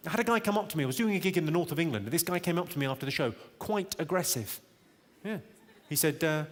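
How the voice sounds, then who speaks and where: A male stand-up comedian with a fairly high voice delivers wry, punchline-driven jokes and teases the crowd. He is on a stage mic in a big reverberant hall. Loud audience laughter fills the gaps between lines. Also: animated, fairly quick, long pauses, noisy background. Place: large theatre venue with a live audience.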